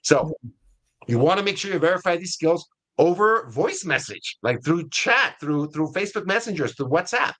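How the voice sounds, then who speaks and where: Man, US Hispanic accent, middle-aged, casual webinar host, energetic, fillers and restarts, fairly high voice. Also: normal speed. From Latin America.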